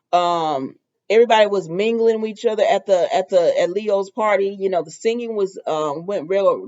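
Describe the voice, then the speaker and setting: A woman's voice: medium pitch, a little mellow, muffled recording. A woman casually recapping a soap opera episode, chatty and loose, with lots of fillers and asides.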